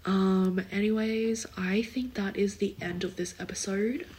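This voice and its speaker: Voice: medium pitch, steady tone, a little slow, a little mellow, poor audio. A young adult podcast host chatting casually on their own. The talk wanders and is full of "like" and "kind of", with loose, half-finished thoughts. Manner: rambling, filler-heavy, many likes and kind ofs. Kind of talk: casual solo podcast chat.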